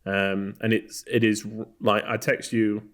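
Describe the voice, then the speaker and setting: A man's voice: on the low side, little pitch movement, unhurried, a bit bright. A man co-hosting a film podcast, from Texas, talking in a loose, rambling way with lots of fillers and restarts. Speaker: podcast co-host. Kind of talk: casual film chat.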